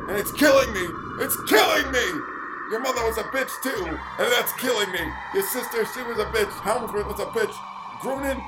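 A man's voice: high-pitched, natural voice, poor audio. A man voicing a crude, scheming, dying old rich father in a comedic audio drama, vulgar and gleefully villainous. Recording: music behind.

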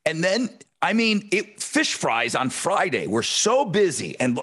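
A man's voice: fairly high pitch, measured pace, slightly rough. A man chatting casually as a podcast co-host, telling stories animatedly and swearing freely. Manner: animated storyteller, mimics yelling relatives.

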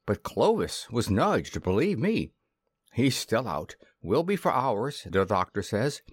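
Man voicing a rough henchman, gruff, slangy, lower, dry sound. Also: big pitch swings, slow pace, no echo, full character voice. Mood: gruff report.

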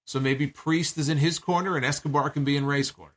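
A man's voice: on the high side, fairly even intonation, quick pace, a bit bright. A man giving a chatty, digressive recap of a wrestling show, speaking casually and acting out the lines he quotes.

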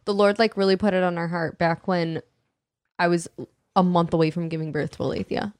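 A woman's voice: lowish voice, steady tone, a little fast, a little mellow, smooth, dry recording, studio quality. A woman co-hosting a casual faith podcast, speaking candidly and chattily with many fillers. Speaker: podcast co-host.

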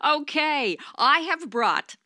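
A woman's voice: high voice, big pitch swings, slow, pushed and bright, no room sound, studio quality, heavily acted. A woman playing a brash showy talk show hostess. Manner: over-the-top showy hostess, playful ad-libs. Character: brash Oprah-like female talk show host. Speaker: voice actor. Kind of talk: comedic raw voiceover takes.

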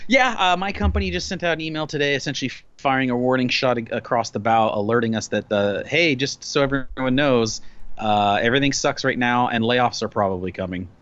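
A man's voice: medium pitch, a little fast, fairly bright tone, dry recording. Male podcast co-host, thirties, rambling and jokey, dry and slightly dull lo-fi sound. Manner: rambling, filler-heavy, joking. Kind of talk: casual chat.

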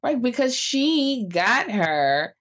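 A woman's voice: fairly high pitch, sing-song, slow, fairly bright tone, highs cut off. A woman co-hosting a podcast in casual chat, sarcastic and laughing often as she retells scenes. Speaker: podcast co-host.

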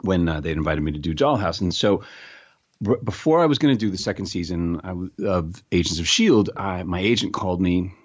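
An animated man talks as an interview guest, his sentences tumbling over restarts and quick laughs. His voice is fairly low, and the sound is dull and dry, as if from a remote link. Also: dry recording. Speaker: actor guest. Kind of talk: casual interview chat.

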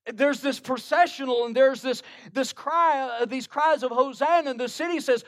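A man's voice: extremely high pitch, normal speed. A man preaching a sermon, retelling a Bible story and quoting scripture in old King James wording, often restarting his phrases.

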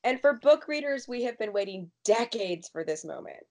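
Quick, emphatic woman hosting a recap. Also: a little high, lively intonation, a little mellow. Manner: quick, emphatic, rushes through opinions. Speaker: podcast host. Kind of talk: casual TV recap chat.

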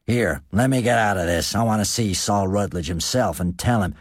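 A man voicing a gruff, hot-tempered grieving farmer who speaks forcefully, read as an audiobook character. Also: lowish voice, normal speed, dry recording, clean studio sound, close to an everyday voice.

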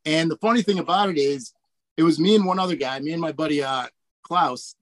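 A man's voice: a little high, brisk, no echo. Laid-back storytelling man, dry sound. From Indiana, USA. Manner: relaxed, filler-heavy, laughs often. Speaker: guest, army warrant officer pilot. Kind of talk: casual storytelling interview.

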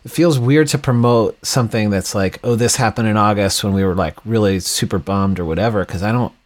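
A man's voice: lowish voice, brisk, darkish tone. A man rambling in casual podcast chat as a guest, full of fillers and restarts. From Milwaukee. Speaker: podcast guest, band musician.

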